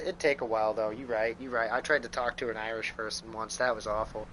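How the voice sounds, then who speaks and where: Young man from Kansas, midwestern american accent, rambling, sweary, crisp forceful voice, faint hum behind. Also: fairly low pitch, fairly even intonation, fast talker. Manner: rambling, profane, full of fillers. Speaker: gaming streamer. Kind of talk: casual gameplay commentary. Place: home.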